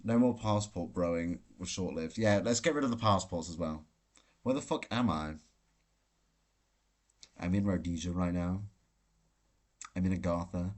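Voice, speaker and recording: A man's voice: low voice, a little slow, pauses often, darkish tone. A man hosting a live Q&A stream from a hotel room, answering chat questions in a brash, profane, ranting way. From Britain. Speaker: livestream host.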